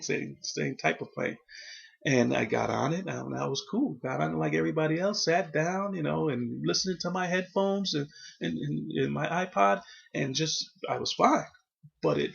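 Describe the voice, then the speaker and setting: A man's voice: mid-range voice, vocal fry, fairly bright tone, lo-fi sound. A man giving an earnest, rambling motivational talk full of restarts. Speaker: motivational vlogger.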